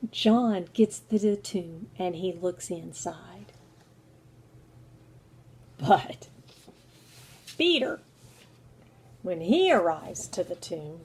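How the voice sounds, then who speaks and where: A woman's voice: medium pitch, slow, pauses often, dark tone, a little hiss or hum. A woman teaching a children's Bible lesson, telling the story expressively and often dropping to near whispers.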